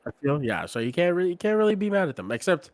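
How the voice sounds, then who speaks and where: A man's voice: high voice, big pitch swings, racing, darkish tone, no echo. A man co-hosting a casual sports podcast, talking bluntly and with strong opinions, often trailing off and restarting his sentences. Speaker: podcast co-host.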